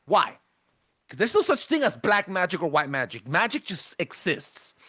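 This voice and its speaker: Man, podcast host, thick accent, emphatic, fairly high voice, dry sound. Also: moderate pace, breathy edge, dry recording. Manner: animated, emphatic, swinging pitch; self-described thick accent, stumbles over words. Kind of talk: casual podcast presentation.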